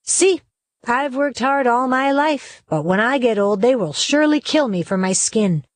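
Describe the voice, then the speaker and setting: A woman's voice: a little high, lively intonation, unhurried, dry recording, pitched above the performer's own voice. A woman voicing a weary old donkey. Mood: resigned. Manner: resigned complaining.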